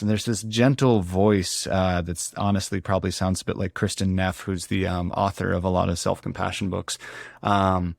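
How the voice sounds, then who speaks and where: A man's voice: sits low, flat delivery, normal speed, gravelly, dry recording, clean studio sound. A man speaking as an interview guest, reflective and earnest, often restarting his sentences as he searches for words. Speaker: guest ultrarunner.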